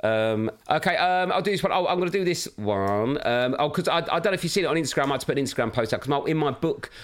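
A man, hosting a casual chat and telling animated stories about his kids. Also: fairly high pitch, fast talker. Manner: animated storytelling, puts on his kids' voices. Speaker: podcast host.

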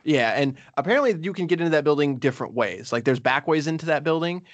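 A man co-hosts a relaxed game review conversation. He rambles, fills pauses with ums and restarts his sentences often. The sound is dry, with little room around his voice. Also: fairly high pitch, no room sound, dull audio. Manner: rambling, many fillers and restarts. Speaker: podcast co-host. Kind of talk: casual game review chat.

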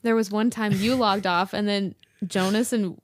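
A woman guest on a podcast, chatting in a relaxed, reflective way and laughing easily. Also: medium pitch, moderate pace. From United States. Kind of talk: casual chat.

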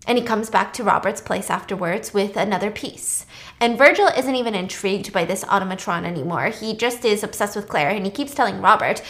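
A woman casually retelling a film plot as a podcast host, chatty and animated with sarcastic asides. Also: mid-range voice, a little fast.

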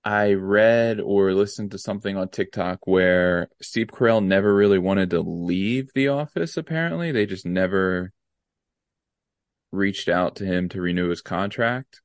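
A man's voice: low voice, unhurried, no room sound, studio quality. A young man co-hosting a podcast, laid-back and rambling with lots of fillers in casual chat. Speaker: podcast co-host.

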